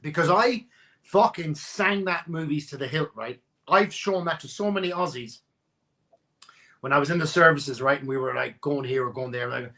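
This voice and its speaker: A man talks movies on a live video call from his home setup, animated and teasing, with plenty of swearing. His voice is bright and forceful and sits a touch high for a man. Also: fairly quick, vocal fry. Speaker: live stream co-host. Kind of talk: casual chat about movies.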